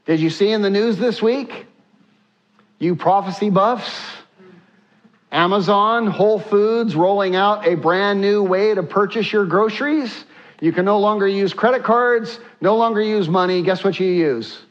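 Male pastor preaching a sermon, slightly high voice, dull lo-fi recording. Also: a little slow. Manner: animated preaching, leads congregation in reading.

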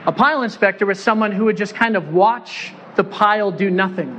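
A man's voice: high-pitched, brisk, few pauses, fairly bright tone, slight background noise. A pastor preaching a sermon in a church, conversational and joking as he puts questions to the congregation.

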